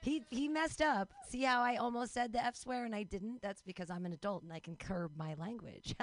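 Woman, comedy show host, playful teasing banter, slightly high voice. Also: a little fast, no room sound. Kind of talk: introducing and thanking comedians.

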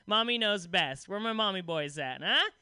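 A man's voice: high voice, expressive, normal speed, bright, forceful tone, clear, resonant tone, no echo. A young adult man doing a rambling, self-deprecating stand-up comedy set, full of "like" fillers.

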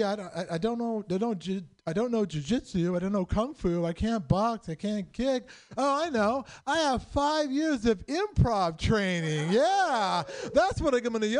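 High-voiced man doing stand-up. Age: middle-aged. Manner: self-deprecating, rapid storytelling with voiced characters. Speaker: stand-up comedian. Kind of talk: stand-up comedy set. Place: comedy club stage.

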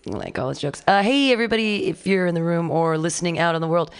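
A woman's voice: fairly low pitch, animated, quick pace, smooth. A woman hosting a live comedy show, making upbeat announcements and introducing acts. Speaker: show host.

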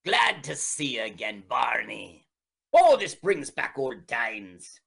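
A man doing a put-on Swedish accent, voicing an old man who loudly greets a returning friend. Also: medium pitch, sing-song, takes it slowly, creaky, slightly rough, pitched below the performer's own voice, heavily acted. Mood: hearty greeting. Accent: Swedish, attempted.

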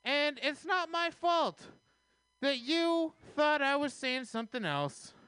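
A man doing a deadpan stand-up set at an open mic. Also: very high-pitched, slow pace, no echo. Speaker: stand-up comedian.

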